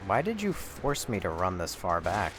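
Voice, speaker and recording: A man's voice: low-pitched, huge pitch swings, moderate pace, noisy background. A young man casually commentating a horror game on stream, rambling and swearing as he plays. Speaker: livestreamer playing a horror game.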